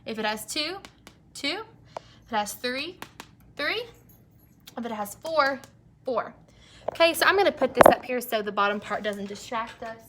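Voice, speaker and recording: A young woman teacher leading an early-grade phonics lesson, stretching out words slowly and praising the children. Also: a little high, expressive, noisy background. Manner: slow, drawn-out word modeling, encouraging.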